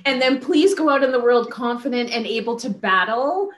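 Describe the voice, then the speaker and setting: A woman's voice: a little high, expressive, normal speed, a bit bright, roomy sound. A woman hosting a book club interview, responding in an affirming way. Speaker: talk show host, interviewer.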